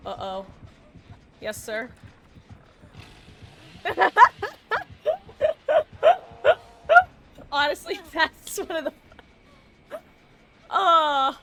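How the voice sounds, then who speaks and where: A woman's voice: sits high, sing-song, measured pace, pauses often, fairly bright tone, a little hiss or hum. A woman streaming herself playing a game, with playful, goofy commentary and frequent laughter. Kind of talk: livestream gameplay commentary.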